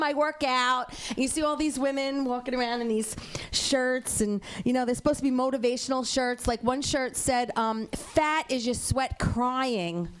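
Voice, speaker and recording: A female stand-up comic, brash and self-mocking. Her voice is high and swoops around a lot as she chats through her set. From Sicilian family.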